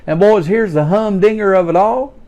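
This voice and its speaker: A man's voice: high voice, normal speed, mellow, lightly acted. A man, playing a folksy redneck working man in a rambling comedic monologue, stammering as he tells his story.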